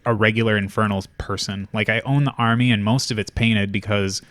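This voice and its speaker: A man's voice: lowish voice, steady tone, fairly quick, a bit bright, no room sound. A man hosting a tabletop wargame battle report, talking casually and rambling with lots of fillers and restarts. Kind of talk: casual chat.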